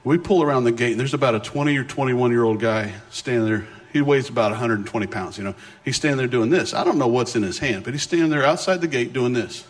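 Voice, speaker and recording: A middle-aged man giving a sermon as a guest speaker, telling a personal story with animated pitch jumps and frequent restarts.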